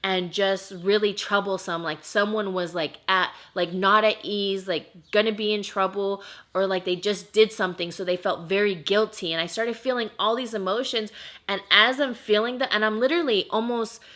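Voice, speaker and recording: A young woman vlogger with a mid-range, fairly even, slightly bright voice speaks at a moderate pace. In a casual storytime vlog she tells her viewers directly about a paranormal experience, sounding chatty and emotional and saying "like" a lot.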